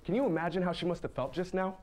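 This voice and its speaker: A man's voice: high-pitched, rapid-fire, a little mellow, slight background noise, natural voice. A young man acting as a buttoned-up lawyer husband in a stage play, answering with dry, sarcastic retorts. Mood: exasperated. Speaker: husband Paul.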